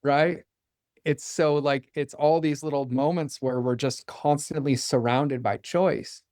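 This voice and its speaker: A man's voice: a little high, fairly even intonation, darkish tone, no room sound. Earnest man talking in a dry room. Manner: earnest, fast-flowing, filler-heavy with "like" and "right?"; acts out quoted dialogue with his son. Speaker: podcast guest. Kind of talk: candid interview talk.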